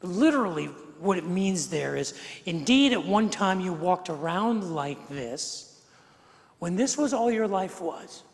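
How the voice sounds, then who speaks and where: Middle-aged male pastor, conversational sermon delivery, high gravelly voice, long church-hall reverb. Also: expressive, a little slow. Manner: conversational preaching, repeats words, swings from quiet to emphatic. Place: large church sanctuary.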